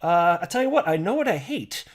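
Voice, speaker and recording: A man's voice: high voice, sing-song, brisk. A man giving casual, jokey, enthusiastic market commentary to camera as a YouTube host, with frequent fillers. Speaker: crypto YouTuber.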